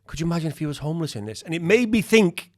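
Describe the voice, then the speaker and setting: Quick, slightly high bloke. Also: male voice, big pitch swings. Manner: rambling anecdotes with restarts, swears freely. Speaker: podcast co-host. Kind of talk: casual chat.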